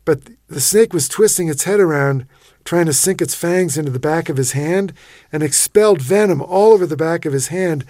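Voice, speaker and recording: Animated man telling a vivid story. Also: a little high, dry recording, studio quality. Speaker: interview guest, expedition writer. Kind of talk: storytelling in a radio interview.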